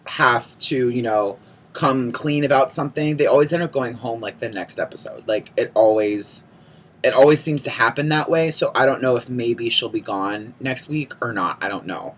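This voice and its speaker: A man's voice: mid-range voice, normal speed. A young man talking casually to camera as a vlogger, chatty and opinionated, with lots of "like" and "um". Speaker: vlogger reviewing a TV show.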